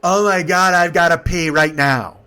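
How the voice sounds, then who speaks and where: A man voicing a loud, drunk, flamboyant young male passenger who whines dramatically in a shrill voice. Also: fast talker, natural voice. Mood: whiny.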